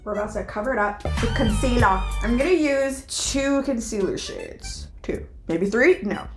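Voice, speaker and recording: Playful young woman vlogger, higher voice with a wide pitch swing; echoey room, faint music underneath. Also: animated, normal speed. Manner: chatty, playful, self-mocking asides. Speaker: beauty vlogger. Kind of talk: casual makeup tutorial chat.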